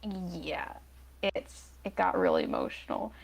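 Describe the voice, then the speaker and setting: A woman's voice: on the low side, wildly swooping pitch, measured pace, gravelly, a little hiss or hum, poor audio. A woman co-hosting a fan podcast, chatting casually with lots of fillers and trailing sentences. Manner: chatty, heavy use of "like", trails off. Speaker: podcast co-host.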